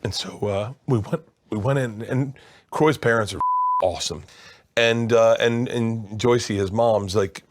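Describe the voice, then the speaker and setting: A man, a comedian, casually telling a personal dream story in an earnest, halting way with frequent restarts. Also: fairly low pitch. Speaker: comedian guest.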